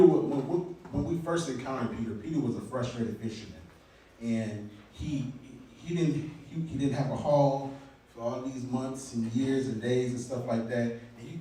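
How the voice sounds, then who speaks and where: A man preaching a sermon in a casual, halting, colloquial way, restarting words, recorded from far off in an echoey church hall. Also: medium pitch, dark tone. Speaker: elder preaching.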